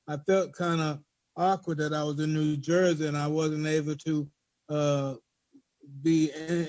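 A man's voice: on the high side, darkish tone, dry recording, low-quality recording. A man speaking hesitantly about why he wrote a poem, then reciting it aloud in a rhythmic spoken-word delivery. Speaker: poet reading his own poem. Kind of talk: spoken word poetry reading.

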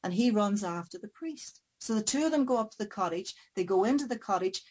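A woman storyteller spins a folk tale aloud, with a mid-pitched voice. She stretches key moments slowly and rushes through others for drama. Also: animated, a little mellow, husky, poor audio. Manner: dramatic, varied pacing. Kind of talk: oral folk tale telling.

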